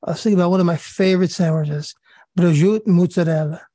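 A man from New Jersey with a New York-New Jersey accent, hosting a video call. He talks haltingly with many fillers and prays slowly. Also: high voice, fairly even intonation, mellow, no echo. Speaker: prayer call host. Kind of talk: casual chat and spoken prayer.

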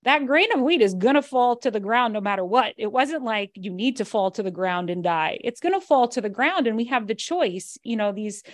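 A woman's voice: a little high, expressive, moderate pace, hardly any pauses, dry recording, studio quality. A religious sister with a New York accent, talking casually about faith and laughing while she tells stories. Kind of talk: casual spiritual talk.

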